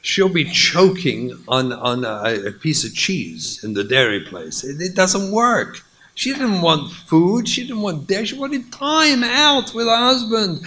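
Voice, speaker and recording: A rabbi lecturing with lots of swing in his voice, slipping into acted dialogue. His pitch sits slightly high, and a faint hiss runs underneath. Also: a little slow, low-quality recording. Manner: animated, repeats key points.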